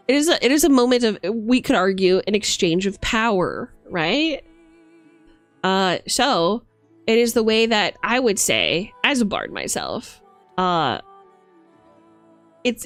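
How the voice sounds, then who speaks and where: Animated playful woman streamer. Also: a little high, unhurried, long pauses, faint music behind. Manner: playful, teasing, animated, chatting with viewers. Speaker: streamer playing a bard persona. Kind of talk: casual live-stream chat.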